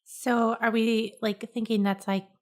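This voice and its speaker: A woman's voice: on the high side, little pitch movement, measured pace, darkish tone. A woman playing a tabletop game, joking and giggling. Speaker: player. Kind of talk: casual play chat.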